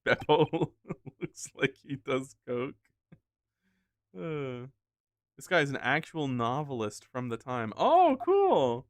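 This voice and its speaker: A man's voice: mid-range voice, slow, pauses often, fairly bright tone, no room sound. A man streaming a game with jokey, laughing asides between reading lines. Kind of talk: casual gaming commentary.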